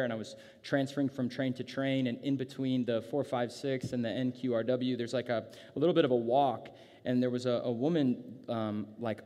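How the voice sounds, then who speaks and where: A man preaching a sermon in a casual, conversational way, acting out characters with playful sarcasm. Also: mid-range voice. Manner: casual, animated, acts out disciples with sarcasm. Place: church gathering space. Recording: reverberant hall sound.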